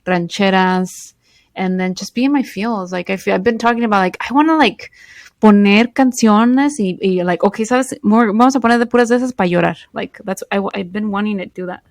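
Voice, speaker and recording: Woman podcast co-host, mid-pitch, close dry mic, heartfelt casual chat. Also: a little fast, no echo.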